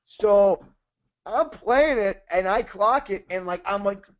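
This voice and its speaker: High-voiced man telling rambling stories. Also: animated, slow pace, dull audio. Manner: profane, rambling storyteller. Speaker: podcast co-host. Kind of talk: casual chat.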